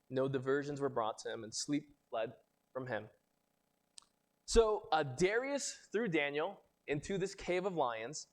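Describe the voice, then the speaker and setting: A young adult man, a pastor, reading scripture and preaching a sermon in a conversational way, lifting his voice when he quotes people. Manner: conversational preaching, rising pitch on quoted lines.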